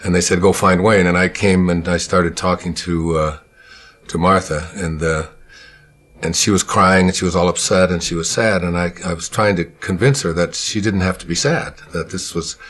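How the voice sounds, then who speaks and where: A man from Michigan recalls his early years in a calm, reflective manner. His voice sits low and carries a husky edge, and he takes his time, often pausing before he finds the right words. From Michigan, USA. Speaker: speaker recalling his childhood. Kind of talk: personal storytelling.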